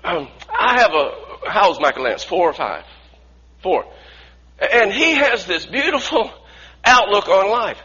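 A man's voice: high voice, big pitch swings, a little slow, bright, forceful tone, breathy edge, dull audio. A man preaching a sermon earnestly, often restarting phrases and asking the congregation to repeat lines after him.

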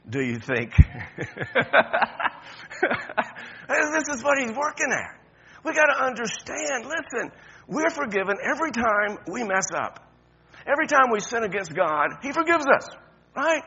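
Animated preacher, sermon, lo-fi sound. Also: male voice, high voice, husky. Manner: conversational preaching, with stammered restarts and sudden emphatic rises. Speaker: pastor.

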